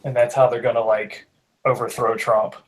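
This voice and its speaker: A man hosts a casual podcast in a chatty, sarcastic way. His voice sits at a middle pitch and rambles easily from point to point. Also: flat delivery, normal speed, rough recording. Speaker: podcast host. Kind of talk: casual chat.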